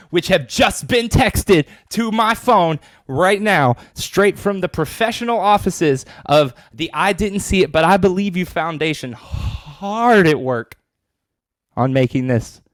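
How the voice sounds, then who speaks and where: High-voiced teasing male podcast co-host. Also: animated, unhurried, dry recording. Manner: teasing, crude, laughing often. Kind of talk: casual comedic banter.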